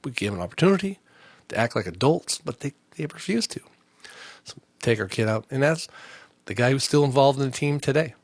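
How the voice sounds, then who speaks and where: A man's voice: mid-range voice, expressive, a little fast, no echo. A man hosting a comedy podcast, telling a long story in a heated, indignant, rambling way with many restarts. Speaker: podcast host. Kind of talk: casual storytelling rant.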